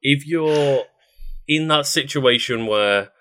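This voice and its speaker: A man co-hosting a casual podcast chat, reading out film facts with frequent ums and pauses. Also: mid-range voice, sharp tone. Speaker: podcast co-host.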